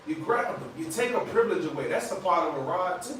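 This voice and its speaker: A man with a slightly high voice leads a Bible study in loose, chatty talk, checking in with "right?" as he goes. He is heard from a distance in a very echoey room. A faint hiss runs underneath. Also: animated, quick pace, a bit bright.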